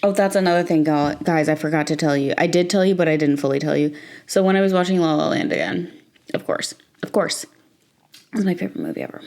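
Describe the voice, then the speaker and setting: A woman's voice: low voice, quick pace, a little mellow. A young woman chatting casually in a late-night vlog, rambling and playful, breaking into squeals and laughter. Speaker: vlogger.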